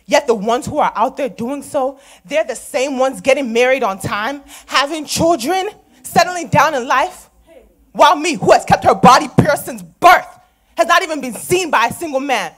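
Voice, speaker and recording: A woman's voice: high-pitched, lively intonation, moderate pace. Woman playing a bitter, sarcastic young daughter. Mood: scornful. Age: young adult. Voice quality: sarcastic, challenging, scornful laughs. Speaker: stage actor. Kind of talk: stage drama acting.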